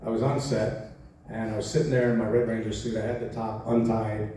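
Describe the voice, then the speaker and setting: A man's voice: lowish voice, brisk. A man in his forties answering fan questions on a convention panel, telling stories animatedly with frequent laughs. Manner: animated, acts out quotes, laughs often. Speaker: actor, convention panel guest. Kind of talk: storytelling Q&A answers. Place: large convention hall. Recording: echoey hall from far off, faint noise.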